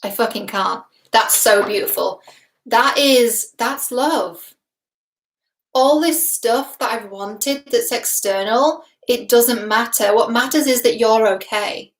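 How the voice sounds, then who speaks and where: This reaction vlog features a young adult relationship expert from Britain speaking at a moderate pace in a fairly high voice. Her delivery is chatty and emphatic, full of laughter and casual swearing, captured with a roomy echo.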